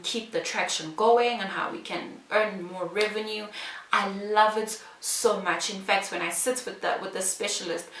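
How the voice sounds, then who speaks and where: A woman from South Africa telling her own story to camera in a casual vlog, animated, acting out the other people's lines. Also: mid-range voice, echoey room, recorded from a distance. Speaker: vlogger.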